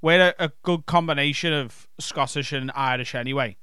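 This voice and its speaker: A man's voice: medium pitch, moderate pace, pushed and bright, clear, resonant tone, dry recording, clean studio sound. A man from Liverpool with a Scouse accent, a comedian chatting casually on a podcast and laughing easily. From Liverpool, England.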